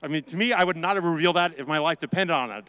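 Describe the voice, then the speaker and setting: Rapid-fire and a little high, this American conference speaker's smooth, pushed, bright voice carries sarcastic jokes through a conversational talk. The recording has a long hall reverb.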